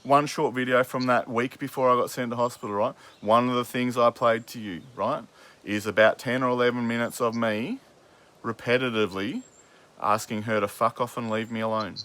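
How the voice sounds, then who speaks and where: A man with a mid-pitched, ordinary voice arguing with his father in a heated back-and-forth. He swears freely, cuts in over the other speaker and presses his points at length. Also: steady tone, normal speed, fairly bright tone. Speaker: podcast host. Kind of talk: heated family argument.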